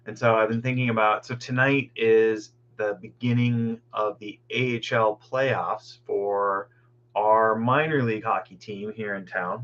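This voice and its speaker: A man's voice: mid-range voice, a bit bright, highs cut off. A man hosting a meditation group from home on a video call, rambling casually and greeting people by name.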